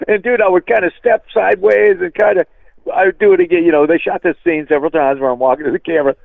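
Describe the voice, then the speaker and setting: A man with a gravelly, rough-edged voice spins an animated, salty story, calling his listener "dude" along the way. His voice comes through a thin, phone-like line with no room sound around it. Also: sits high, quick pace, no room sound. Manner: animated, profane, peppers talk with "dude". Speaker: guest musician. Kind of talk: casual storytelling. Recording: tinny phone line, dry.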